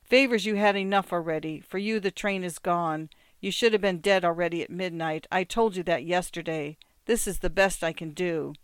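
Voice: medium pitch, normal speed, hardly any pauses, clear, resonant tone, no room sound, close to an everyday voice. A reader voicing a cold, amused, death-like ticket collector with a metallic, curt voice. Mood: curt refusal. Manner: curt, indifferent.

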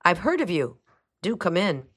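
A woman's voice: on the low side, very animated, normal speed, slightly rough, pitched above the performer's own voice. A woman reading aloud, voicing a polite, curious man welcoming a visitor. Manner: courteous, curious.

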